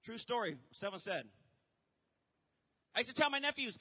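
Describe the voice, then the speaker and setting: High, bright-voiced preaching pastor. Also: male voice, moderate pace, pauses often. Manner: animated preaching with shouted peaks and quoted asides. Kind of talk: sermon. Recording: long hall reverb.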